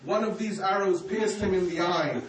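A man's voice: high-pitched, moderate pace. A man preaching a mourning sermon, telling a story with emotion and grief. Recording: echoey hall, distant mic, faint ambience.

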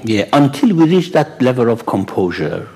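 A man's voice: medium pitch, big pitch swings, moderate pace, a little mellow. A man giving a religious lecture and taking questions, with dramatic storytelling that drops to a whisper and rises to exclamations. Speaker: speaker answering questions.

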